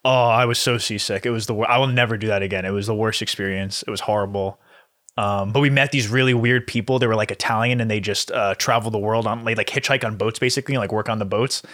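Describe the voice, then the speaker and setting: A man's voice: on the low side, steady tone, fast, a bit bright, no echo, clean studio sound. A young man co-hosting a podcast, chatting casually and telling laid-back stories with frequent laughs. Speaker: podcast co-host. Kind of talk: casual chat.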